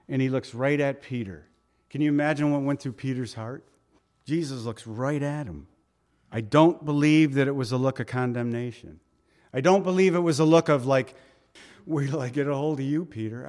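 A man preaching a sermon, telling scripture as vivid scenes with rhetorical questions, dropping soft for tender quoted lines. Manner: voice drops soft and low for quoted tender words.

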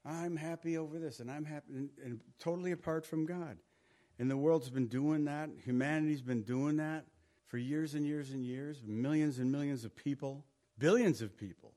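A man's voice: a little high, moderate pace, mellow. A middle-aged male pastor preaching a sermon in a conversational way, repeating words for emphasis.

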